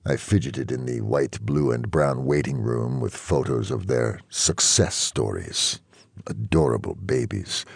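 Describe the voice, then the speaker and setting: A man reading a novel aloud in first-person narration, measured and even. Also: a bass voice, creaky, husky, no echo. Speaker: audiobook reader.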